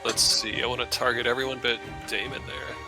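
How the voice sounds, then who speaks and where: A man's voice: mid-range voice, flat delivery, fairly quick, music in the background. A man playing a tabletop game, talking casually and joking. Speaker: player.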